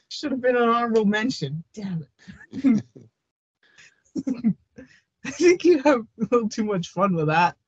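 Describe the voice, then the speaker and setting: Slow-talking, giggly Canadian woman. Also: a little high, big pitch swings, slightly rough, no echo, muffled recording. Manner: giggly, hesitant, many fillers. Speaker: podcast co-host. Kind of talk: casual chat.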